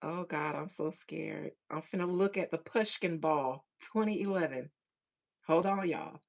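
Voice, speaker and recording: A woman hosting a podcast in a casual chat with listeners, laughing a lot and swinging between hushed asides and loud outbursts. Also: sits low, measured pace, gravelly. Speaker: podcast host.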